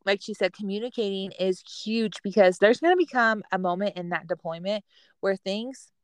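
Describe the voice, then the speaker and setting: A woman, co-hosting a casual chat, candid and chatty and quick to laugh at herself. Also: mid-range voice, no echo. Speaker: podcast co-host, military spouse.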